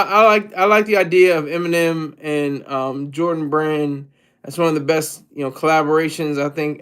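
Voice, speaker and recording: A man from Delaware giving rambling, jokey solo commentary, often cutting himself off mid-word. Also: fairly high pitch. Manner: rambling, jokey, self-interrupting. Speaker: vlogger.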